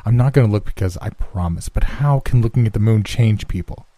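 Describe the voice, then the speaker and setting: A man's voice: lowish voice, fairly quick, warm tone, no room sound, natural voice. A man doing a tense, skeptical young friend.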